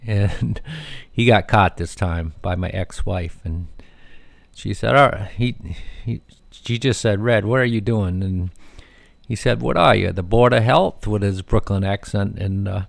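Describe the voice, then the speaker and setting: A man's voice: on the low side, vocal fry, no echo. A middle-aged man hosting a radio show, telling rambling family stories with many fillers and restarts.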